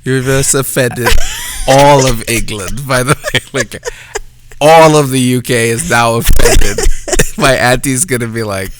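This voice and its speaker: A man co-hosting a podcast in casual chat, easygoing and quick to laugh. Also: mid-range voice, noisy background. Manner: easygoing, laughs often, supportive replies. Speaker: podcast co-host.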